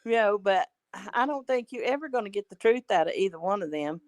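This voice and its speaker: A woman's voice: medium pitch, expressive, a little fast, no echo. A woman calling in to a talk show who chats casually and rambles, tacking on fillers like "kind of thing and stuff.". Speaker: regular caller. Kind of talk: casual chat.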